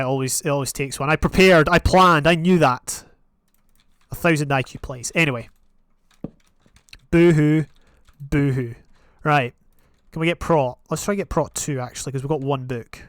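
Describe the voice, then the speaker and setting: A young man giving casual, rambling commentary on his own gameplay, with sudden excited outbursts. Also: mid-range voice, no room sound. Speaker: gaming channel host.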